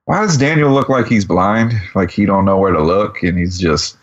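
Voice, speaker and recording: A man's voice: on the low side, moderate pace, dull audio. A man co-hosting a movie podcast, making blunt, laid-back remarks in casual chat. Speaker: podcast co-host.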